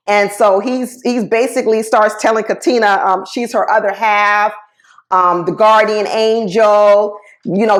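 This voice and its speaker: A woman recaps a reality dating show in a loose, chatty vlog style. Her voice sits a little high, and she gushes freely, full of fillers and asides. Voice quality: chatty, gushing, many fillers. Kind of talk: casual episode recap.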